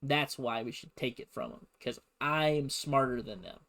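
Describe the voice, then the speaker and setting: A man's voice: medium pitch, normal speed, vocal fry, a bit bright. A man putting on an arrogant, hawkish male statesman who pushes to send in the army, in a pushy, self-righteous rant.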